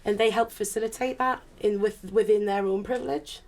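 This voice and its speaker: A woman speaking on a panel discussion, telling candid stories in a lively way, full of laughter and acted-out quotes. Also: mid-range voice, fairly quick, slight background noise. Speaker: panelist, turntablist.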